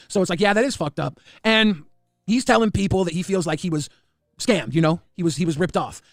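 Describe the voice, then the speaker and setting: Fast-talking man with a high voice. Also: no room sound, clean studio sound. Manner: rapid, repetitive restarts. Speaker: guest recounting drama. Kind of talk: casual storytelling.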